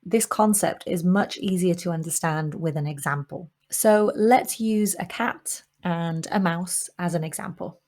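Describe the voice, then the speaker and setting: A woman giving a scripted lesson on English pronunciation, speaking clearly and measuredly and slowing down to model example sentences. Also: on the low side, a little mellow.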